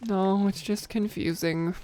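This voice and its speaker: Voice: mid-range voice, steady tone, a little slow, mellow, slight background noise. A streamer giving casual, chatty commentary while playing a game, joking at their own expense and tossing out playful nonsense words.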